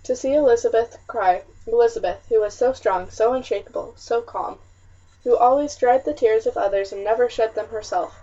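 A woman narrating a historical novel in the first person with a measured, expressive reading, on a muffled, slightly distant recording. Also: fairly high pitch. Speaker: audiobook narrator.

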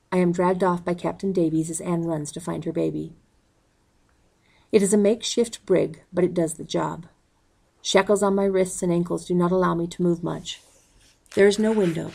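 A woman reading a novel aloud in a calm, even way, calling out the page numbers as she goes. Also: on the low side, normal speed, gravelly, husky, low-quality recording. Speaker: audiobook reader.

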